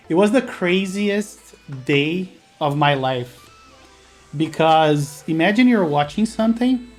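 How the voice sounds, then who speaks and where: A man's voice: sits high, a little mellow. A man from Brazil, a native Portuguese speaker with a Brazilian accent, chatting casually on a live stream and answering chat while he builds.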